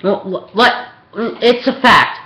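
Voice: medium pitch, animated, slow, pushed and bright. A young adult vlogger from Pennsylvania delivering a rambling, hesitant film rant full of ums and restarts. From Pennsylvania, USA. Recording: echoey room.

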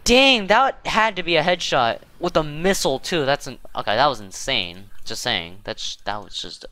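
Guy streaming a game, clear bright voice, rambly and self-deprecating. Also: a little high, lively intonation, normal speed, no echo. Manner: rambling, self-deprecating, lots of fillers and restarts. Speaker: gaming channel host. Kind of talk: casual gameplay commentary.

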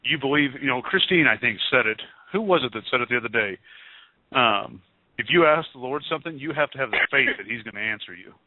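A man tells a spiritual story on a call-in broadcast, eager and rambling, doubling back on his words. His voice is mid-pitched and comes through a thin, phone-like line. There is no room echo. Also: fast. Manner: excited, rambling storyteller with many restarts. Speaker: call-in show co-host. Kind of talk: casual religious testimony. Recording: tinny phone-line radio sound.

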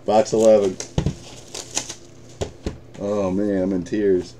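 A man's voice: lowish voice, extremely slow, long pauses, mellow, slight background noise. A man with an American accent hosting a live card break, chatting casually, swearing and laughing often.

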